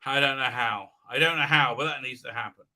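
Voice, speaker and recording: A man's voice: mid-range voice, fairly quick, pushed and bright. A man hosting a live commentary stream, ranting sarcastically and swearing, with lots of fillers and restarts. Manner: sarcastic, swears, mocks what he reads with put-on silly voices; hesitant, many fillers and restarts.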